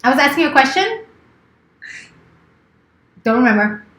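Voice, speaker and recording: A woman's voice: high-pitched, sing-song, a little slow, a bit bright, reverberant. A woman in her thirties chatting casually on a live stream, playful and teasing, swearing freely. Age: 30s. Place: office.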